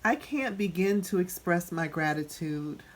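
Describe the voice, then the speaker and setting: A woman vlogging as she unboxes a gift at home, talking softly and gushing with gratitude. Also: fairly low pitch, expressive. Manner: slow, soft-spoken and gushing with gratitude. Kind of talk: casual unboxing narration.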